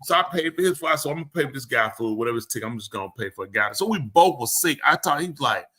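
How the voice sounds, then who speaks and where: In a live show studio, a man with a medium-pitched voice tells stories in casual chat at a racing pace. He's animated and acts out the quoted exchanges.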